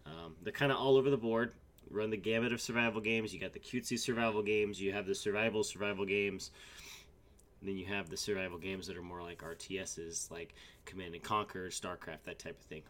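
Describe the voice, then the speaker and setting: Guy cohosting a gaming podcast, lowish voice, kinda hoarse from being sick, lots of ums. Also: fairly even intonation, brisk, fairly bright tone. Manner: rambling, with many fillers and restarts. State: getting over a sickness, a bit hoarse. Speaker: podcast co-host. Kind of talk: casual chat.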